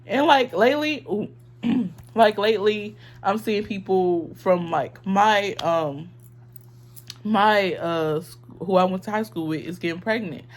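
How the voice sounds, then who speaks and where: A woman's voice: mid-range voice, takes it slowly. Earnest young woman vlogger rambling. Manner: earnest, emotional, lots of "like" and "um". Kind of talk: casual opinion monologue.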